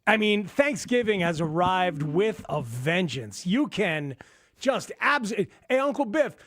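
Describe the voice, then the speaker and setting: Male radio host, high voice, dry studio sound, excitable. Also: slow, dry recording. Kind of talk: sports talk radio chat.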